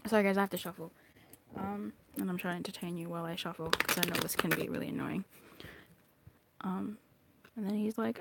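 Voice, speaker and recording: A woman's voice: fairly low pitch, brisk, gravelly, slight background noise. A woman giving a chatty live tarot reading, bubbly and talkative, sometimes dropping into whispered asides. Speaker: tarot reader.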